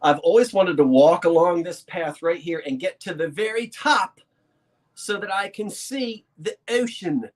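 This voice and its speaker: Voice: medium pitch, unhurried. An antiques reseller, chatting casually to a live chat while showing a painting, rambling and laughing often as they build suspense. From South Jersey, USA. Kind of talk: casual show-and-tell talk to a live chat. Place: indoors at a desk with a laptop.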